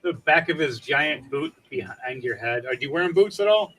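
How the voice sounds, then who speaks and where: A man's voice: a little high, lively intonation, normal speed, fairly bright tone, a little hiss or hum. A man running a tabletop game as game master, rambling and laughing, with many fillers.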